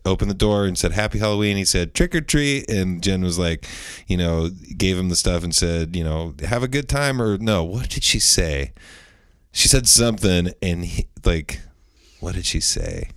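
A young man co-hosting a podcast in casual chat, laughing often and telling quick anecdotes. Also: sits low, fairly even intonation, smooth, dry recording, studio quality. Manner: laughs often, tells stories with quick asides. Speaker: podcast co-host.

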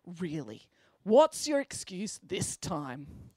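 A woman voicing a pompous, snappish male science teacher in a storybook reading, indignant and shouting. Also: fairly low pitch, big pitch swings, takes it slowly, slightly rough, no echo, exaggerated voice.

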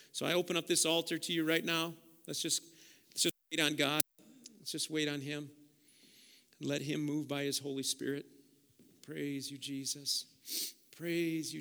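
A male pastor with a bright, forceful, fairly high voice preaches with passion, swelling to loud peaks and dropping to soft prayer. His sermon rings through a church sanctuary with a long, hall-like reverb. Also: vocal fry. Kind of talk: sermon with altar call.

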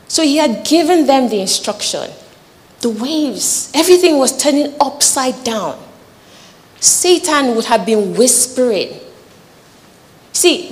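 A woman giving an earnest, conversational sermon, teaching scripture with lively acted asides. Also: fairly high pitch, measured pace, big-room sound. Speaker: preacher.

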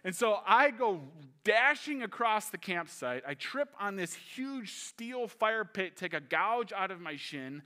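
Male pastor, 30s, lively storytelling sermon, slightly high and bright tone. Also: measured pace, few pauses. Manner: animated storyteller, shifting to calm teaching.

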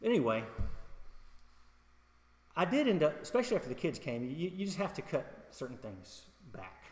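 A man's voice: on the high side, very animated, moderate pace, darkish tone, slight background noise. A middle-aged male pastor giving a conversational sermon with humor, personal stories and questions to the congregation. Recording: echoey hall.

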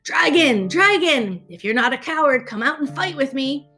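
A brave young prince calls out boldly in a storybook reading, as a woman puts him on. The voice is high and cheerful. Gentle guitar plays underneath. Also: lively intonation, normal speed. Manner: bold, calling out.

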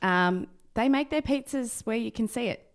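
A woman's voice: fairly high pitch, lively intonation. Woman co-hosting radio. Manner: chimes in with quick agreeing remarks. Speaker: radio co-host. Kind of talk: casual radio chat.

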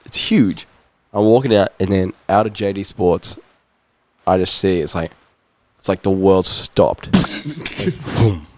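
A man's voice: sits low, a little slow, pauses often, no room sound. Laughing kiwi guy telling a story. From New Zealand. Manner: animated, laughing, swears often. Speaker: podcast guest, musician. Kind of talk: casual storytelling chat.

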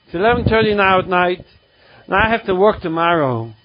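High-voiced man telling his recovery story. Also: expressive. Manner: emotional, halting, repetitive storytelling. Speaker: speaker at a recovery meeting. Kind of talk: personal recovery testimony. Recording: dull lo-fi recording.

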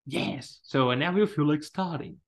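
A man's voice: fairly high pitch, very animated, moderate pace, vocal fry, breathy edge. A man hosting a podcast, chatting casually and teasing his co-host, often laughing. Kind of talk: casual chat.

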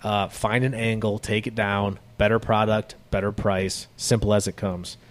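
A middle-aged man hosting a casual business podcast, animated and often acting out customer-service voices. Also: fairly low pitch, moderate pace. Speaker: podcast host, business owner. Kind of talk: casual chat.

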